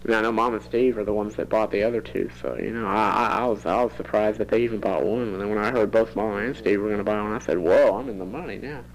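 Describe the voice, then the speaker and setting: A man's voice: lowish voice, steady tone, fast, hardly any pauses, slight background noise, rough recording. Give me a chatty teenage boy recording a cassette diary at home, laughing a lot and rambling along. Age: teens. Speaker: student keeping a tape diary. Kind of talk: rambling audio diary monologue.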